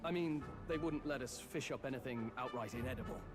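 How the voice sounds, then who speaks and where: A man's voice: medium pitch, fairly quick, natural voice. A man voicing an earnest, polite young male companion in a video game, a little hesitant. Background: game music.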